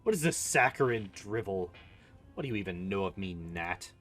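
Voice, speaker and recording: A man's voice: low-pitched, very animated, normal speed, fairly bright tone, voice pushed down, heavily acted. A man reading aloud as a haughty, scornful female demon queen in a video game, cold and mocking, with faint music behind.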